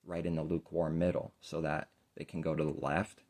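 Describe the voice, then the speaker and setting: A man preaching an informal sermon, rambling and earnest, often trailing off quietly. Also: rumbling low, little pitch movement, brisk.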